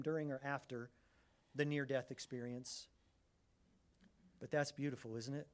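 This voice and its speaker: A middle-aged man preaching a sermon, animated and conversational, often restarting his phrases. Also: medium pitch. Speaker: pastor.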